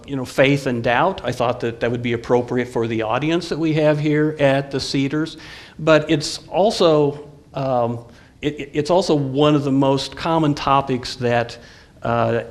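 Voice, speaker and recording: A man, a college professor, lecturing a live audience in a friendly, halting way with frequent fillers and restarts. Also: mid-range voice.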